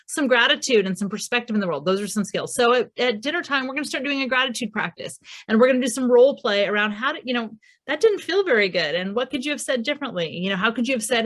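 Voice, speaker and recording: A woman's voice: a little high, lively intonation, quick pace, a bit bright. A woman presenting a recorded parenting masterclass in a conversational way, acting out quoted dialogue as she speaks.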